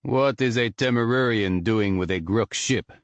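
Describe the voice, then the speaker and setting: A man voicing a young alien lieutenant who speaks gruffly and formally. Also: fairly low pitch, normal speed, dry recording, highs cut off, lightly acted. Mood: stern.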